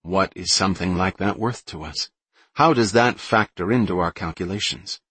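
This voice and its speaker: A man reading a brainy teenage girl who explains her plans in a precise, calm way, in an audiobook. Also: low voice, normal speed, slightly rough, no echo. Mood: explaining.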